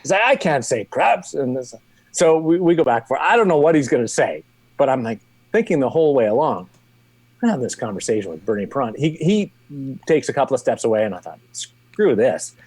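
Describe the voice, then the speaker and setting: A man's voice: medium pitch, animated, fairly quick, darkish tone, husky, no echo. Dry-miked Canadian man telling stories. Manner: rambling, many restarts and fillers. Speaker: TV hockey host, guest. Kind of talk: casual storytelling.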